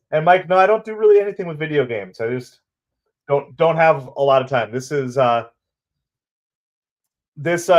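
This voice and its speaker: A man's voice: medium pitch, a little mellow. A man hosting a live baseball watch-party stream, chatting casually with viewers in an upbeat way and laughing often. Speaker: livestream host and baseball commentator.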